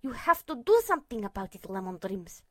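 A woman playing a firm, steady male pony healer. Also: on the high side, measured pace, dry recording, studio quality. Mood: urgent. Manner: steady, insistent, at times whispering.

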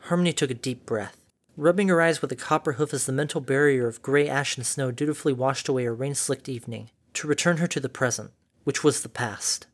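A man narrating a dark fan story in a measured, dramatic reading. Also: medium pitch.

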